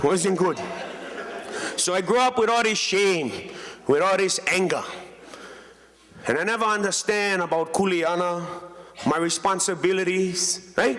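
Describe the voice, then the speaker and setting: Hawaiian Pidgin speaker in a big hall. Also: male voice, sits high. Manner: joking, storytelling, lively. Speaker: keynote speaker. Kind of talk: storytelling speech. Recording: reverberant hall.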